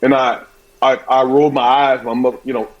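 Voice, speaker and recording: A man from the American South hosting a sports talk show, telling stories in an energetic, jokey way. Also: mid-range voice, fairly quick, lo-fi sound. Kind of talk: casual talk show chat.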